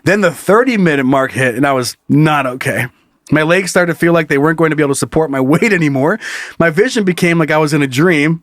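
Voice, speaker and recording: Male podcast co-host, slightly high voice, reads stories aloud and laughs through them, dry close mic. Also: fairly bright tone, no room sound. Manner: laughs often while reading. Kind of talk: reading a listener story aloud, casual chat.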